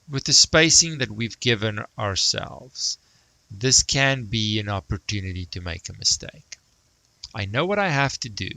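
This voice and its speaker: Gravelly, bright-voiced man teaching math. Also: medium pitch, no room sound, low-quality recording. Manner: self-talk, mutters, jokes about praising himself. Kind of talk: thinking aloud while sketching a graph.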